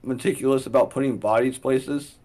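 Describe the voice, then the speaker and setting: A man co-hosting a podcast, working through ideas out loud. He talks through scenarios step by step in a casual, conversational way. His voice is at a middling pitch for a man. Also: fairly even intonation, a little fast. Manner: thinks aloud and steers the story logic. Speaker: podcast co-host. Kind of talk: casual brainstorming chat.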